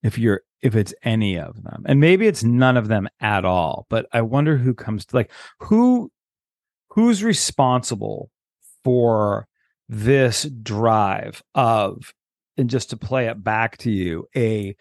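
A man hosting a podcast, asking slow, probing questions. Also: lowish voice, animated, darkish tone, no room sound, clean studio sound. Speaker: podcast host. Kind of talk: interview questions.

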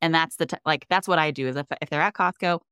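Young woman cohost, low smooth voice, upbeat and chatty, dry close sound. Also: quick pace, fairly bright tone, no echo. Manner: enthusiastic, upbeat storytelling. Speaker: podcast co-host. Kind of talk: casual chat.

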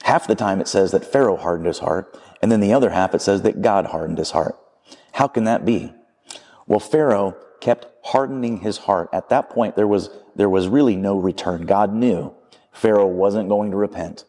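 A man's voice: fairly low pitch, moderate pace, dark tone. Guy preaching casually, tells stories, long reverb from a big hall. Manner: conversational storytelling, acting out quotes. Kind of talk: sermon.

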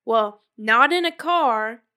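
High bright-voiced young woman chatting. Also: animated, takes it slowly. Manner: chatty, lots of "like" fillers. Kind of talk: casual chat.

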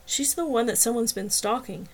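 A woman voicing a quiet, reserved young man, subdued and defensive. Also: on the high side, normal speed.

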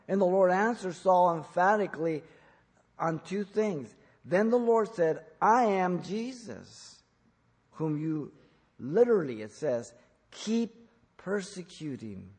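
Husky-voiced preacher in a reverberant church. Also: male voice, fairly high pitch. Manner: emphatic, rising to loud peaks for quotes. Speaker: pastor. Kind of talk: expository sermon.

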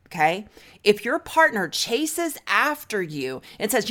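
A woman marriage therapist talking straight to the listener, coaching them with direct, practical advice and slow guided breathing. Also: mid-range voice, sing-song, fairly bright tone. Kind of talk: advice talk to camera.

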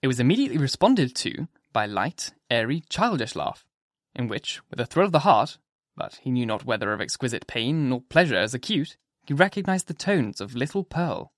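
Male audiobook narrator, mid-pitched, measured storytelling, dry close mic. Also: sing-song, no echo. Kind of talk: scripted narration.

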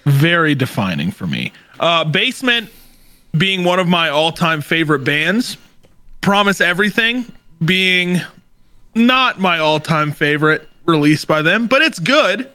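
Bright, playful podcast co-host man. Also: fairly high pitch, sing-song, measured pace, no room sound. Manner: playful, sings snippets, enthusiastic about bands. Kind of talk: casual podcast chat.

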